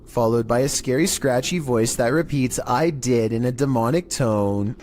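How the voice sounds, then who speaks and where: Male narrator, monotone, mid-pitched, scripted horror countdown voice-over. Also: moderate pace, a little hiss or hum. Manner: monotone, even delivery. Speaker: narrator of a scary video countdown.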